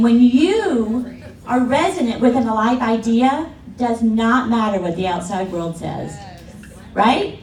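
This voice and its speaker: Woman, middle-aged, keynote speaker, animated storytelling, lively pitch, distant mic in an echoey hall. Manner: animated storyteller, acts out quoted voices with laughter. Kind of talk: conference keynote talk. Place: large conference hall. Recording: echoey hall from afar, faint room noise.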